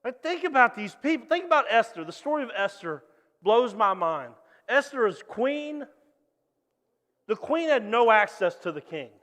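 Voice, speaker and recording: A man's voice: very high-pitched, normal speed, big-room sound. A man preaching a sermon as pastor, telling stories animatedly and acting out voices. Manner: animated storytelling with acted-out voices.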